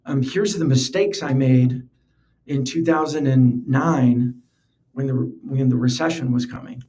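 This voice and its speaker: Warm in tone and mid-range in pitch, he speaks at a measured pace. He's a podcast host giving casual solo talk, earnest and conversational, with words often repeated as he thinks aloud.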